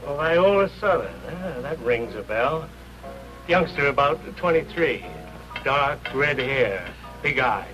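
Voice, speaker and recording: An actor playing a gruff, folksy old doorman with slangy talk, in a 1950s TV drama. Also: medium pitch, animated, slow pace, rough recording. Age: older. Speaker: doorman at a rehearsal hall. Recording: 1950s TV soundtrack with faint music.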